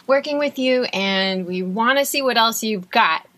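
Woman doing a warm, friendly German conductor with a simple German inflection, a quick impression. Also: fairly high pitch, no echo.

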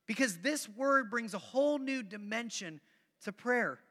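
In a large hall, a man preaches as pastor with a very high-pitched, animated voice, a fairly bright tone, and a measured pace. He addresses the congregation conversationally, using repeated phrases for emphasis and drawing people into joining in.

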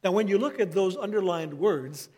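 A middle-aged man preaching a sermon as pastor, speaking in a measured, earnest way and reading scripture slowly. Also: high-pitched, lively intonation, darkish tone.

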